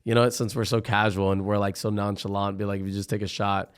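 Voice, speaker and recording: Young guy, low-ish voice, loose filler-heavy podcast guest. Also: fast talker, clean tone. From Florida. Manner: rambling, filler-heavy, animated retellings. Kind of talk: casual chat.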